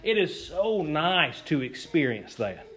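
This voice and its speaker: A man's voice: fairly high pitch, sing-song, takes it slowly, fairly bright tone, breathy edge. A man preaching a folksy sermon as pastor, chuckling often and repeating his key phrases.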